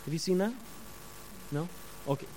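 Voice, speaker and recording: A man preaching a sermon to a congregation, animated, often asking the listeners questions and chatting with them. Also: a little high, normal speed, a little hiss or hum, rough recording. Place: church before a congregation.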